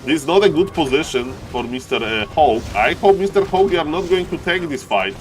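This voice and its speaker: A man casting a live strategy game match on his stream, talking fast to chat and jumping into high-pitched shouts when big plays happen. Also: expressive, slight background noise. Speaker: esports caster and streamer.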